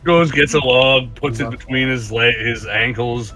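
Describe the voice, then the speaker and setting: A man's voice: medium pitch, fairly even intonation, sharp tone, faint music behind, poor audio. A man playing a tabletop game, describing his character's antics in a joking way. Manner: joking, slow storytelling. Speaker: player. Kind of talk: casual tabletop game chat.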